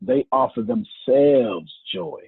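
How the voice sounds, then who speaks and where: A man with a gravelly, husky voice who teaches like a preacher, leaning hard on repetition and drawing key phrases out slowly. His pitch swings widely from line to line. The sound is dry and tinny, as if coming through a phone. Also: wildly swooping pitch, dry recording. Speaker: teacher leading an online class.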